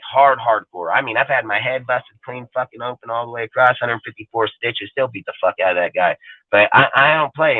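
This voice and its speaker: A man's voice: medium pitch, no room sound. A man hosting a fan channel livestream, ranting aggressively with heavy swearing and swagger. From California. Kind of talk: profane livestream rant. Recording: tinny phone-like sound.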